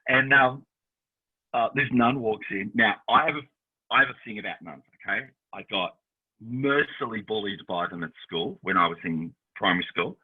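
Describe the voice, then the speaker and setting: A man co-hosting a casual chat, telling animated stories and acting out the voices of people he quotes. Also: on the low side, moderate pace, husky. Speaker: podcast co-host. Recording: tinny phone-line sound.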